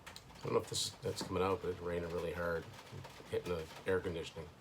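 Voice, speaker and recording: Low-voiced man musing over an album. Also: level tone, fast, noisy background. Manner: thinking aloud, hesitant, dry asides. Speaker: host. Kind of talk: casual first-listen album commentary. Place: indoors at home.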